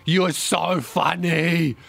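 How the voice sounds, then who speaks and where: A man voicing a drunk young woman who gushes slowly at a comedian. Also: a little high, fairly even intonation, gravelly, fairly bright tone, breathy edge, no echo, heavily acted. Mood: gushing.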